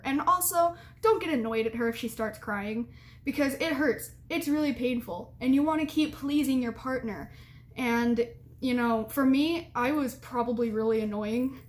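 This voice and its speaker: A young adult woman with a high-pitched voice gives casual advice to the camera. She's chatty and rambling, full of fillers and giggles.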